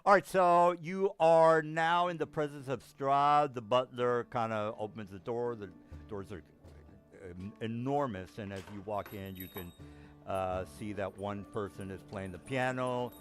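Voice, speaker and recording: A man narrating a tabletop game as game master, halting with many ums and restarts. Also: medium pitch, soft background music.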